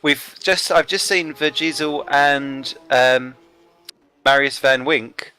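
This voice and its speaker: Male broadcast host, bright crisp voice, joking and teasing. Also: medium pitch, takes it slowly. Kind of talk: casual race commentary.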